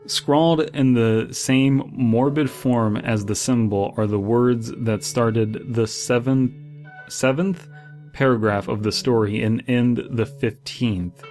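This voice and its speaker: A man's voice: mid-range voice, fairly even intonation, slow, darkish tone. Sarcastic man reading a horror story. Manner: sarcastic, exasperated asides full of "like". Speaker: horror story reader and critic. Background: faint background music.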